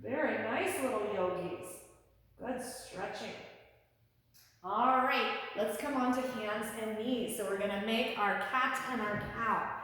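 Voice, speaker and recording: A woman's voice: fairly high pitch, a little slow, fairly bright tone. A woman leading a yoga class for children in her studio, playful and encouraging with a sing-song delivery. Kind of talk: guided yoga instruction for kids. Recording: echoey studio with long reverb.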